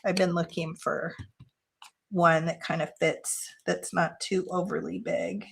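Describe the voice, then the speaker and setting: Slow, gravelly woman chatting while crafting. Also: level tone. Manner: chatty, slips into high baby talk with her cat. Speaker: craft channel host. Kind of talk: casual crafting chat.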